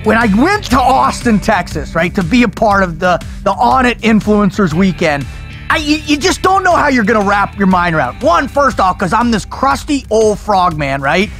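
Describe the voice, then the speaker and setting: A man hosting a podcast, talking with excitable energy, swearing and calling his guests brother and dude. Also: high voice, normal speed, faint music behind. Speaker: podcast host. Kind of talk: energetic casual chat.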